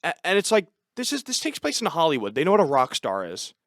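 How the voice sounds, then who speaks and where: A man's voice: fairly high pitch, wildly swooping pitch, fast talker, fairly bright tone, dry recording, studio quality. A man co-hosting a podcast in casual chat, sarcastic and mocking characters by putting on voices. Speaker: podcast co-host.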